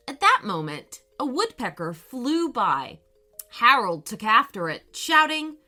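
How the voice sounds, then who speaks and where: A woman gently and expressively narrating a children's bedtime story. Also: a little high, very animated, measured pace, faint music behind.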